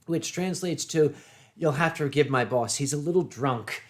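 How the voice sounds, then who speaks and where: A middle-aged man hosting a casual stream, telling wry, drawn-out anecdotes with deadpan punchlines. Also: fairly high pitch. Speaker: streamer host. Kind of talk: casual storytelling chat.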